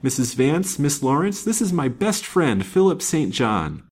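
A man voicing an earnest, gallant young gentleman. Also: fairly high pitch, sing-song, measured pace, voice pushed up. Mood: relieved. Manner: earnest, eager delivery.

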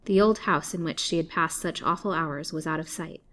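A woman storyteller reading an old serialized novel aloud in a measured, dramatic way. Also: deep voice, a bit bright. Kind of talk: scripted narration of a serialized novel.

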